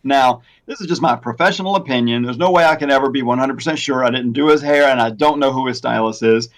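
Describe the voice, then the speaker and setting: A man's voice: medium pitch, quick pace. Man chatting about his stylist trade. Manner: rambling, self-correcting, laughs often. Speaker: hair replacement stylist. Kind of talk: casual chat.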